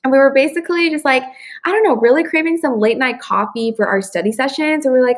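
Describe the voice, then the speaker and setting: Young woman, casual chat, animated sing-song pitch, giggly, acts out voices, fairly high voice. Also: brisk. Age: young adult.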